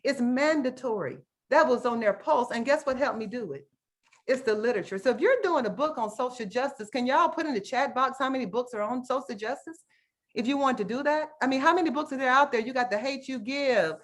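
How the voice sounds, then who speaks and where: A woman's voice: high voice, fairly quick. Earnest woman teacher presenting online. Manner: earnest, emotional, keeps asking "right?" and calls the audience "guys". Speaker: teacher giving a workshop talk.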